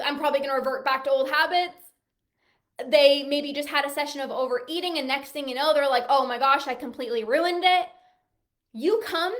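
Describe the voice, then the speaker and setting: A woman's voice: sits high, a bit bright. A woman coach talking straight to her viewers, enthusiastic and emphatic, now and then acting out her clients' worried thoughts. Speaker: binge eating coach. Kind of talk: direct-to-camera pitch.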